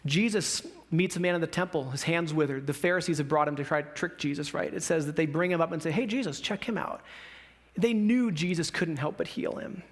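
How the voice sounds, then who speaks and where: High-voiced man preaching a casual sermon. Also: brisk, hardly any pauses. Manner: conversational preaching with emphatic rises. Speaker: pastor. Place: church sanctuary.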